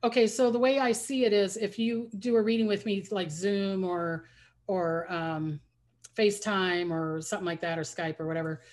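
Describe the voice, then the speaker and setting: A woman's voice: medium pitch, steady tone, normal speed, darkish tone. A woman psychic medium telling stories in a casual interview, rambling with many restarts. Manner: rambling, restarts often, acts out quoted voices.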